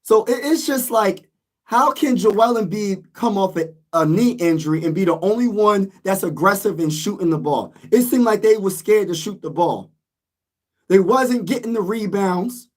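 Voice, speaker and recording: A man's voice: high voice, animated, normal speed, a little mellow. A man vlogging about a basketball loss in a casual, exasperated rant, repeating himself and speaking. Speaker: sports vlogger.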